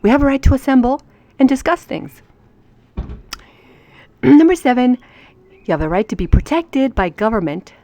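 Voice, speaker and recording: A woman's voice: high-pitched, very animated, unhurried, pauses often, mellow. A woman teaching a casual lesson on legal maxims, chatty and emphatic, with asides to her viewers. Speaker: home teacher.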